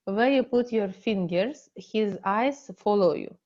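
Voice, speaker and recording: Russian-accented woman, middle-aged, relationship coach; halting non-native English, unhurried delivery, a bit dull-sounding webinar recording. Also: mid-range voice, a little mellow. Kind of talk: online seminar teaching.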